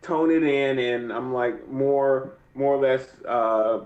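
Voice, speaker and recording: A man's voice: medium pitch, slow, darkish tone. Young male fighter guest, rambling and casual; dull, roomy remote audio. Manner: rambling, many fillers and "you know what I mean". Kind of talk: casual interview. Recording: muffled echoey remote audio.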